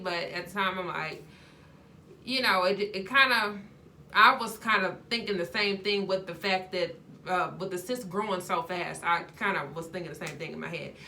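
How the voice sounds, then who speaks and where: A woman with a low-pitched but bright, forceful voice tells her own story in a casual, chatty way. She fills gaps with ums and slips into voicing the people she talks about. A faint hum sits behind her. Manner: chatty, many ums, acts out quoted dialogue. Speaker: vlogger sharing her health story.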